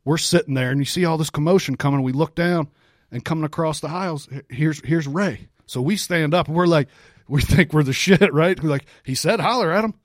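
A man co-hosting a podcast, telling a story in a casual, profane, animated way with frequent laughs. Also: fairly high pitch, a little fast, dry recording, clean studio sound. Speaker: podcast co-host.

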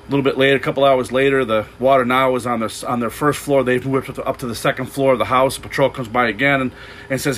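A man's voice: medium pitch, fairly even intonation, fast talker, fairly bright tone, slight background noise, rough recording. A man preaching an unscripted sermon, loose and rambling, with frequent restarts and repeated words. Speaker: pastor.

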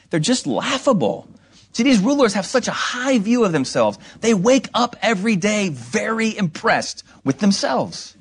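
Guy preaching a sermon, kinda breathy husky voice, asks the crowd lots of questions, acts out little mocking bits. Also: sits high. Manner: animated, rhetorical questions, mocking asides. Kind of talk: expository sermon.

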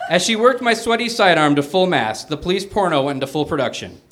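A man reading a comic story aloud on a small theater stage before a live audience, with an animated delivery. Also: sits high, fast. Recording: noisy live stage recording.

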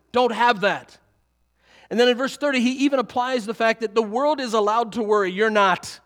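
High-voiced man preaching a sermon. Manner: animated preaching with chuckles. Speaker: pastor.

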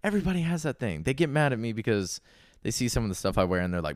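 Guy with a real low smooth voice, laid back joking chat, dry sound. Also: fast talker, no echo. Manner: relaxed, joking, trailing asides. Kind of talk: casual chat.

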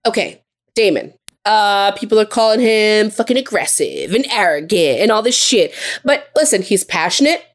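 A woman co-hosting a casual podcast, swearing freely and acting out characters in quick impressions as she recaps a TV show. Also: mid-range voice, very animated. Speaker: podcast co-host.

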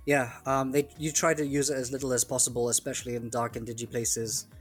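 A man co-hosting a laid-back podcast in a mid-range voice. He teases his partner and eggs him on in a playful way. Faint music plays softly underneath. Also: medium pitch, flat delivery, fast talker. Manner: playful, teasing, encouraging. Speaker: podcast co-host. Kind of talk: casual podcast chat.

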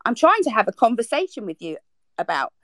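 A woman's voice: a little high, very animated, a little fast, dry recording. A woman in a heated online group argument, exasperated and defensive, her voice leaping up when she is upset. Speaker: participant in a social audio chat.

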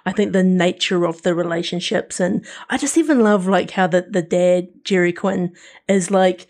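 This man's voice is high and a bit dark, moving at a moderate pace. He co-hosts a casual podcast, rambling about TV shows he's watched, full of restarts and fillers.

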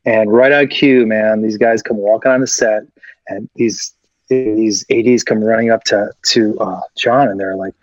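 A man's voice: fairly low pitch, fairly even intonation, a little slow, no room sound, dull audio. Man telling a story, acting out voices. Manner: acts out quoted voices, laughs often. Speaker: actor guest. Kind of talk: animated anecdote telling.

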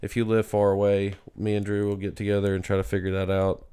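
A man's voice: fairly low pitch, completely flat delivery, fast, mellow, clean tone. Male co-host, casual and crude, clean resonant voice. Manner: laid-back, profane, laughs often. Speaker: podcast co-host. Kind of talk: casual chat.

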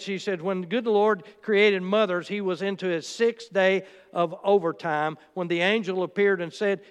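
Guy preaching, tells stories with quotes, high clear voice, big echoey hall. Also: fairly bright tone. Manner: storytelling with quotes and asides. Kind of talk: sermon.

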